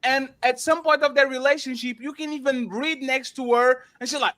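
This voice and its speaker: High, bright-voiced man arguing emphatically. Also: normal speed, few pauses. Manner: emphatic, repeats names and words, interrupts. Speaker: panel show host. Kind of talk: heated panel debate.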